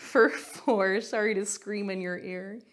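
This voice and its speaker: Working out alongside her class and slightly out of breath, a Pilates instructor gives guided workout instructions. She speaks slowly at a medium pitch with fairly even intonation, keeping her coaching upbeat and chatty as she counts reps.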